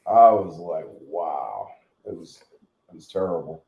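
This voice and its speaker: A man's voice: sits low, moderate pace, highs cut off. A middle-aged man hosting a channel, ranting in a blunt, profane, rambling way. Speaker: channel host. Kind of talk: casual rant. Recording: echoey room.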